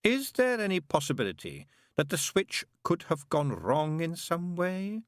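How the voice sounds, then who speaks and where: A sly, petulant demon in an audiobook, mocking and quick, as a male narrator puts him on. The voice sits high and leaps wildly in pitch. Dry and close. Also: sing-song, dry recording. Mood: sardonic.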